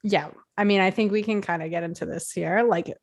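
A woman's voice: mid-range voice, fairly even intonation, brisk. Chatty woman reviewing a series. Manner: chatty, thinks aloud with frequent "like". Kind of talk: casual chat reviewing a TV series.

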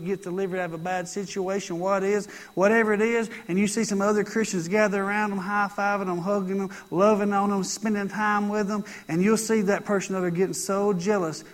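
A man preaching a sermon in a conversational style, driving his points home with emphatic repetition. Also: high-pitched. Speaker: pastor.

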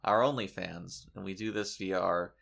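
A man's voice: low-pitched, moderate pace, vocal fry, a bit bright. A man co-hosting a comedy podcast, ranting in mock indignation and swearing freely. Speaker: podcast co-host. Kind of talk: comedic in-character podcast chat.

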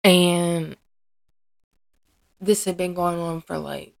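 Gravelly-voiced woman, hesitant and candid. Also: fairly low pitch, steady tone, slow pace, dry recording. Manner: hesitant, searching for words, many restarts; earnest and emotionally open. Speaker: podcast host and mother. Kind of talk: candid personal podcast monologue.

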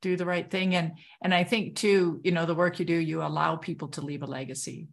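Low-voiced earnest woman hosting. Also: fairly even intonation, brisk, gravelly. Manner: affirming, earnest, appreciative. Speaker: podcast host. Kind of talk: interview hosting.

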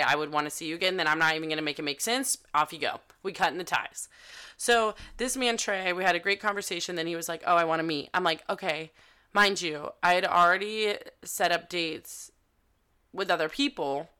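A young woman hosting a podcast, telling a dating story in a candid, animated way and swearing freely. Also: lowish voice, clean tone. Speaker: podcast host. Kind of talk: casual storytelling monologue.

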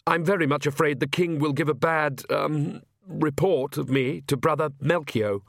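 A man's voice: on the high side, moderate pace, creaky, no room sound, studio quality, pitched above the performer's own voice. A man voicing a fretful young male priest who stammers and apologizes. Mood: flustered.

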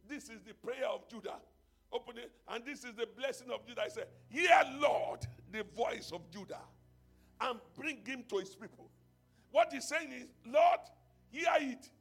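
High gravelly pastor. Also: male voice. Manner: swings from quiet teaching to loud shouted prayer, speaks in tongues. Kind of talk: sermon and prayer.

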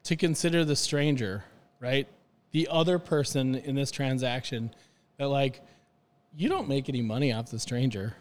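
A man's voice: medium pitch, moderate pace. Earnest rambling man in a reverberant room. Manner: earnest, rambling, frequent "like" and restarts. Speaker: podcast guest on hospitality. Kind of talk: casual podcast chat.

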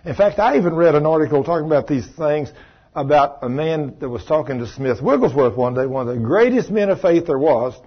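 A man's voice: on the high side, animated, fairly quick, slightly rough. A man preaching a sermon in a folksy, emphatic way, with conversational asides to the congregation. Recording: dull lo-fi recording.

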